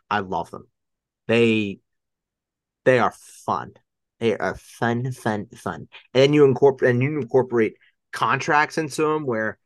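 A man's voice: on the low side, no room sound, clean studio sound. A man with a Long Island accent co-hosting a casual sports podcast, enthusiastic and prone to stammering repeats. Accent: Long Island New York. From Long Island, New York. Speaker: podcast co-host.

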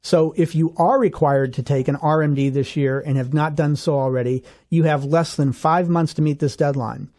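A man co-hosting a radio finance show, explaining rules step by step in a steady, clear way. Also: on the high side, normal speed, hardly any pauses. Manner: steady explanatory, walks through examples step by step. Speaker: financial advisor co-host.

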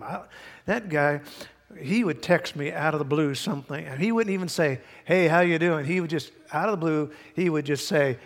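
A man's voice: a little high, in a large hall. A male pastor preaching a sermon in a church, folksy and emphatic with many asides. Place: church sanctuary.

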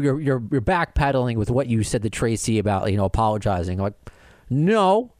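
A middle-aged podcast host tells a long story in a loose, chatty way, stumbling over his words and acting out what people said. His pitch swings widely and stays lively. The sound is dry and close, with no room echo. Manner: animated, rambling with many restarts and quoted dialogue. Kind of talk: casual storytelling chat.

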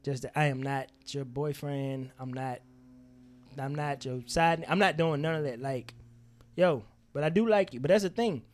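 A man's voice: mid-range voice, moderate pace, faint music behind. A man co-hosting a podcast, talking candidly and emphatically with plenty of swearing. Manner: animated, emphatic storytelling with frequent swearing. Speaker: podcast co-host. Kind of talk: candid casual chat.

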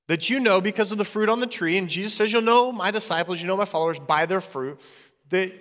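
Earnest male preacher, conversational delivery, high voice, echoing sanctuary. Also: fast talker, fairly bright tone. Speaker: pastor. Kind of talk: sermon.

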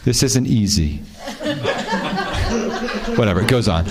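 A man's voice: on the low side, animated, a little slow, a loud crowd. A man, an author on a panel, telling stories and reading letters aloud in a wry, amused way, often laughing and rambling with restarts.

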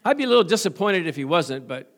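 A man's voice: sits high, big pitch swings, quick pace. A middle-aged male pastor preaching a sermon in a folksy, joking way, often asking the congregation for an amen.

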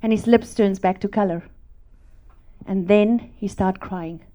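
A middle-aged woman from South Africa preaching a testimony sermon, animated and laughing, swinging from loud to hushed. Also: medium pitch, a little slow.

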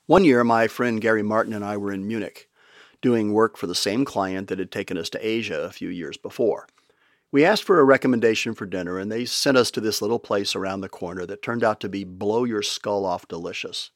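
A man's voice: on the low side, fairly quick, no room sound, clean studio sound. An older man narrating his travel stories in a wry, conversational way with playful asides. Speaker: podcast storyteller. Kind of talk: storytelling narration.

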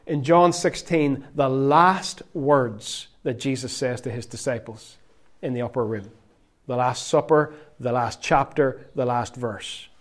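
A male preacher with an ordinary middle-pitched voice delivers a sermon. He swells into loud, emphatic stretches and then sinks to near-whispers, drawing out key words for effect. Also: measured pace.

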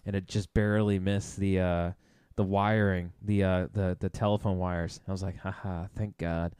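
A man co-hosting a casual chat, telling rambling, excitable stories. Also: low voice, normal speed, clear, resonant tone, dry recording, clean studio sound. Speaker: podcast co-host.

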